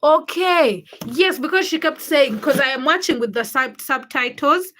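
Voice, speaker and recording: Bright-voiced woman hosting a livestream. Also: sits high, lively intonation, moderate pace, a little hiss or hum. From Uganda. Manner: chatty, greets viewers by name, teasing, laughs often. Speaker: livestream host. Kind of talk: casual live stream chat reading viewer comments.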